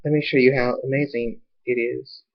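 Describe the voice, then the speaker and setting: Silverwave, a soft-spoken flirty pony stallion as a man puts him on. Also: mid-range voice, little pitch movement, moderate pace, creaky, lo-fi sound. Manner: soft, teasing, seductive.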